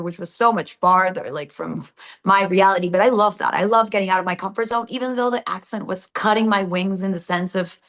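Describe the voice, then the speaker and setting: A woman with a Latin American Spanish accent, a native Spanish speaker, telling stories animatedly in an interview and acting out quotes. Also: fairly low pitch. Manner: animated storytelling with acted-out quotes. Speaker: actress guest. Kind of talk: casual interview answers.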